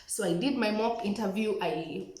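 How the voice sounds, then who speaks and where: A young woman from Kenya telling the story of her scholarship application in a chatty, animated way, often calling her viewers "guys". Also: medium pitch, normal speed, roomy sound, a little hiss or hum, rough recording. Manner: chatty, animated retelling with acted-out quotes, addresses viewers as "guys". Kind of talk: casual storytelling to camera.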